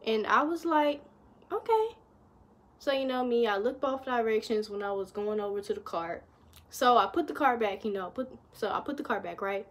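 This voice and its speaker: A young woman, casually telling a storytime vlog to her viewers, chatty and animated in her retelling. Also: a little high, a little fast. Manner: chatty, addresses viewers as y'all, lively retelling. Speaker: vlogger.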